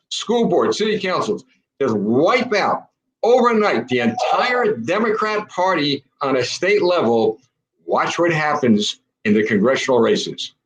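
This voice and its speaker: A middle-aged American man hosting a live political broadcast. He speaks with urgent, exhorting force and keeps calling on his viewers to act. His voice sits a little higher than most men's. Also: poor audio. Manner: urgent, exhorting, addresses audience as folks. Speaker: political show host. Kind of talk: impassioned political talk.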